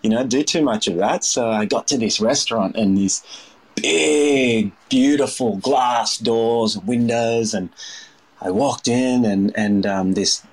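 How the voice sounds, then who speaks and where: A man's voice: mid-range voice, measured pace. A man in his thirties with an Australian accent, casually telling stories as a chef in an interview, rambling with lots of fillers. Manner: rambling, full of fillers, acts out voices in his anecdotes. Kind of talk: casual storytelling.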